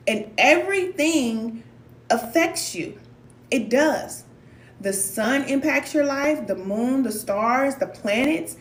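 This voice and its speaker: A woman's voice: mid-range voice, a little hiss or hum. Blunt, emphatic woman in an echoey room. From Missouri. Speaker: spiritual life coach. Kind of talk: motivational talk to camera.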